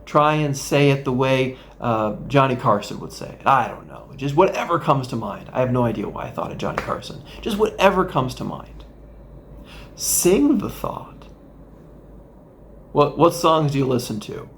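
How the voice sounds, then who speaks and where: Male therapist, gravelly mid-range voice, gentle instructional guide with playful asides. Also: mid-range voice, sing-song, a little fast, hardly any pauses, slight background noise. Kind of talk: instructional talk with guided exercise.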